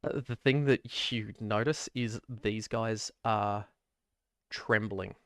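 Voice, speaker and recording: A man as game master, narrating a tabletop game in a measured, descriptive way. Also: fairly low pitch, steady tone, fairly bright tone, clear, resonant tone, no echo, studio quality.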